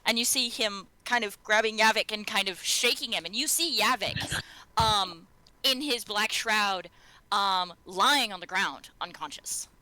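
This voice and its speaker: A woman's voice: mid-range voice, measured pace, pushed and bright, rough recording. A woman narrating a tabletop game as game master, rambling with many "um"s and restarts.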